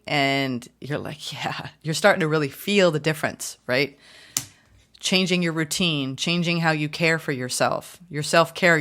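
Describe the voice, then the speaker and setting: A woman reading tarot for her viewers, chatty and upbeat, often gushing with excitement. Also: sits low. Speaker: tarot reader.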